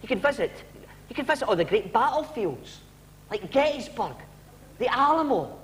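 Man as a sad-sack Scottish fan, high, wry. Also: sing-song, moderate pace, fairly bright tone, full character voice. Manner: pleading, wry. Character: desperate, hapless male football fan.

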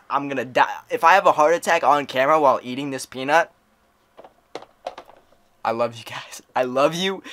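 A man's voice: medium pitch, a bit bright. A young man vlogging a candy taste test, dramatic and rambling, full of "like" and "you know". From Maryland, USA. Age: young adult. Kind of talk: casual vlog taste test.

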